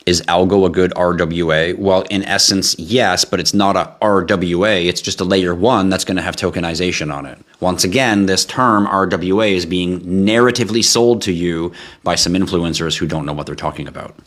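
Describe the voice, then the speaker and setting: A man's voice: low-pitched, normal speed, fairly bright tone. A man hosting a casual live stream, reading out viewer questions and answering them in a blunt, offhand, joking way.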